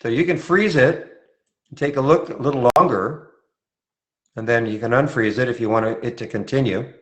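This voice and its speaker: A man's voice: mid-range voice, normal speed, fairly bright tone. A man from Montreal moderating a live trading room, answering viewer questions in a loose conversational way with frequent restarts. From Montreal, Canada.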